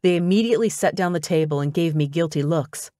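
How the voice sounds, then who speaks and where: A woman reading a first-person audiobook in an expressive, conversational way. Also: sits low, fast talker, no room sound, clean studio sound. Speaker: audiobook narrator.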